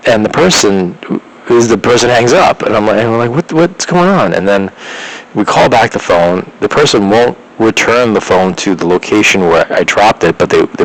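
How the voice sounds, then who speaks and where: A man's voice: on the low side, low-quality recording. A young man vlogging, telling a rambling personal story with many restarts and filler words.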